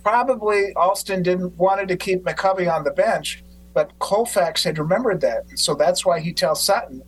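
A man hosting a podcast who tells stories in an animated way and acts out quotes. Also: sits high, moderate pace, husky, rough recording. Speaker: podcast host. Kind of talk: casual conversation.

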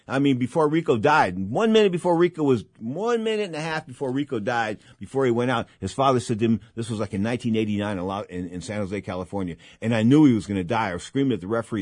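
Male boxing talk-radio host, rambling and excitable, mid-pitched, dry close mic. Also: slightly rough, no room sound. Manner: excitable, rambling, repeats himself.

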